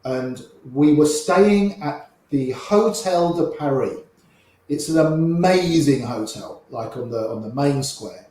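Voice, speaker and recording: Recorded in a very echoey room, an older guest storyteller chats through his anecdotes, acting out the voices of people he describes. He speaks slowly in an expressive voice that's a little high and somewhat dark in tone.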